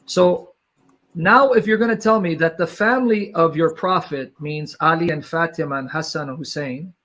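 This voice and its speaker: A man's voice: on the high side, moderate pace, fairly bright tone. A man in a live debate, pressing his opponents with insistent, repeated questions.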